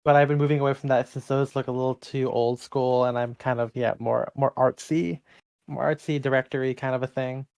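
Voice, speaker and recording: A man's voice: mid-range voice, steady tone, fairly quick, creaky, darkish tone, dry recording. A man co-hosting a casual podcast, rambling with many fillers. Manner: rambling, lots of "like". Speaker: podcast co-host.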